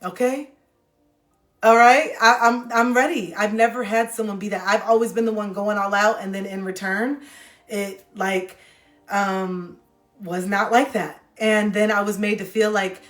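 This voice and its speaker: A woman's voice: medium pitch, normal speed, reverberant. A woman in her thirties chatting candidly on a phone livestream, emotional and heartfelt, rambling with restarts. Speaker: livestreamer and card reader.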